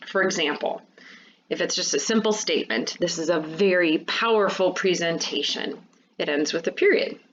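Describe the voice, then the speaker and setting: A woman teacher walks young students through a remote lesson, explaining step by step in a patient, clear way. Her voice sits a little low. The recording is dull and lo-fi, with a faint hiss underneath. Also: fairly bright tone.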